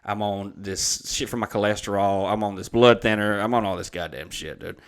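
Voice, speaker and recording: A man's voice: lowish voice, fairly even intonation, fairly quick, smooth. Rambling, profane man in his thirties. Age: 30s. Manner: rambling, profane, laid-back. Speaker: podcast co-host. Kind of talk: casual storytelling chat.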